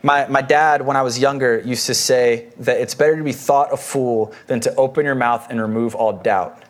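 A man's voice: mid-range voice, fairly even intonation, moderate pace. A man preaching a sermon as pastor in a conversational way, explaining a passage with homely personal anecdotes.

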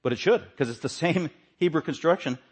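Male pastor, sermon delivery, emphatic with loud peaks and quiet drops. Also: on the high side, brisk, slightly rough. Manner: emphatic, swings from loud to hushed.

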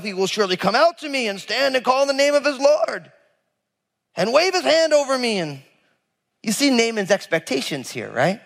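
A man preaching a sermon as a pastor, animated and conversational, acting out the people in the story with casual asides. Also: very high voice, gravelly, big-room sound. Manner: animated, acts out biblical figures with casual asides.

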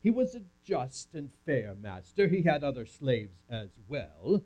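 A man's voice: mid-range voice, sing-song, a little slow, mellow. A man giving a first-person dramatic monologue as a camp speaker, talking with an audience volunteer in a theatrical way. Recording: muffled lo-fi recording.

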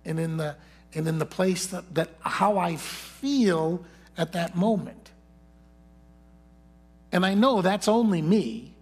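A man's voice: a little high, darkish tone, breathy edge. A man preaching a sermon, telling a personal story and often dropping his voice to near whispers.

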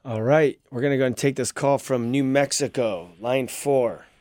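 A man's voice: medium pitch, steady tone, moderate pace, a little mellow, no room sound. Hyped, upbeat male radio host. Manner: upbeat, hyped, casual slang. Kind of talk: live call-in radio hosting.

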